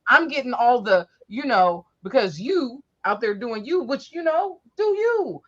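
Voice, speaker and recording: Brief: woman podcast host, mid-pitched, lively storyteller, crude, a bit muffled sound. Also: a little slow. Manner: animated, profane, swings high when acting out quotes. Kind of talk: casual storytelling chat.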